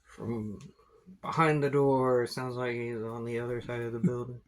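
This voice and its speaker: A man's voice: medium pitch, flat delivery, normal speed. A man narrating a tabletop game as game master, in a laid-back, rambling way with fillers and swearing.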